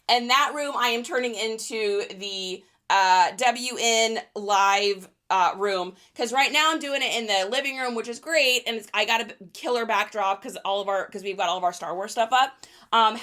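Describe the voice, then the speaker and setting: Woman livestream host, bright higher voice, fast and chatty, laughs a lot while answering viewers. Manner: quick, chatty, laughs often. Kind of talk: casual livestream chat with viewer questions.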